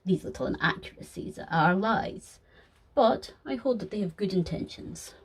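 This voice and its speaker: A woman's voice: medium pitch, animated, husky. A woman voicing a sly, polished male deceiver who talks formally with dry sarcasm in a fan audio sketch. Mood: lecturing. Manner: formal, measured, dryly sarcastic.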